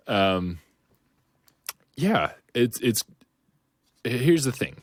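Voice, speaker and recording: In casual podcast chat, a male co-host with a mid-range voice rambles with big pitch swings and drawn-out words, using lots of fillers and restarts. The recording is dry.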